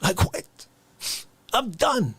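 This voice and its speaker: Ranting man, shouting then whispering. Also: sits high, very animated, extremely slow, gravelly, husky. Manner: swings between shouting and hushed whispers. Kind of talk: comedic rant.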